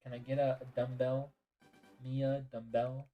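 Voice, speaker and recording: A man's voice: mid-range voice, little pitch movement, unhurried, narrow, tinny audio, faint music behind. A tired man streaming a game and chatting casually with viewers. He yawns, answers chat, and apologizes often. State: tired and yawning.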